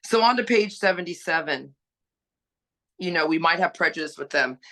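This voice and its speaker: A woman's voice: low-pitched, expressive, normal speed, pushed and bright. A woman sharing her recovery story on a panel, earnest and exhorting, asking rhetorical questions. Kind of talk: personal sharing, preachy.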